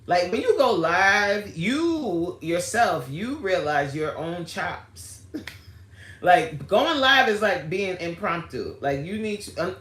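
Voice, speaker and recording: A woman's voice: lowish voice, a bit bright. A middle-aged woman coaching on a live stream, chatting casually, greeting viewers by name and laughing easily. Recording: roomy echo.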